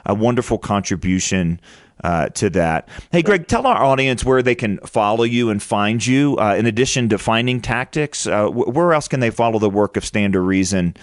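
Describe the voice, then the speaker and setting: A man's voice: fairly low pitch, animated, moderate pace, no room sound, studio quality. A man hosting a podcast interview in an earnest conversational manner, often restarting and repeating words. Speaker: podcast host.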